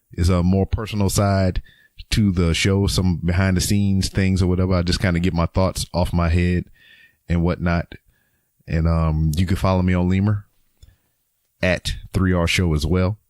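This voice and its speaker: A young man from Louisiana with a low voice, rambling through his podcast sign-off in a loose, chatty way. His voice is dry and close to the mic, with no room echo. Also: little pitch movement, normal speed, a little mellow. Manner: rambling and chatty, with frequent ums and chuckles. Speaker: podcast host. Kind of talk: casual solo podcast outro.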